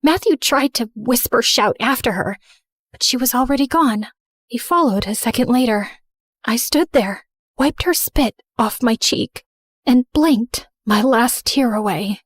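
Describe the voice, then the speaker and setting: A young woman narrating an animated story in first person, earnest and emotional. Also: on the high side, measured pace, husky, no echo, studio quality.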